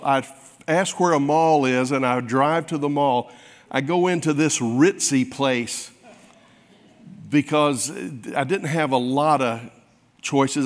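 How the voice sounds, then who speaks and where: A man preaching a sermon, telling a folksy, self-mocking story to his congregation. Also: fairly high pitch. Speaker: pastor. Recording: long hall reverb.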